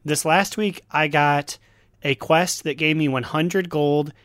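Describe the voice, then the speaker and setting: A man's voice: a little high, fairly even intonation, slow, a bit bright, no echo, studio quality. Giggly man on a gaming podcast. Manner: laughs often while talking. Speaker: podcast co-host. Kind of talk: casual gaming podcast chat.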